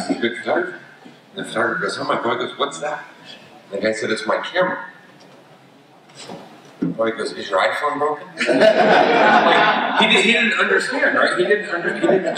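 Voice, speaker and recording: A man tells rambling stories on a conference panel, often restarting his sentences. His voice is bright and forward. He sounds distant from the mic in a very echoey hall. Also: mid-range voice, a little hiss or hum. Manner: rambling anecdotes with many restarts.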